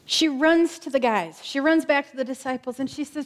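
Woman, sermon, high-pitched, dramatic storytelling, soft emphatic pauses. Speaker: preacher.

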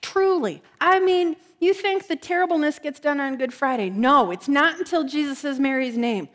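A woman preacher telling a story in a sermon, slowing down and dropping her voice soft for emphasis. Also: sits high, lively intonation.

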